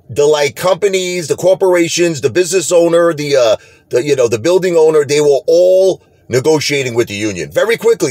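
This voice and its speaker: A man's voice: fairly high pitch, a little fast, no echo. A middle-aged man, talking straight to camera in an emphatic, repetitive rant as the host of his own video channel. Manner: animated, emphatic, repeats himself. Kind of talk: casual direct-to-camera rant.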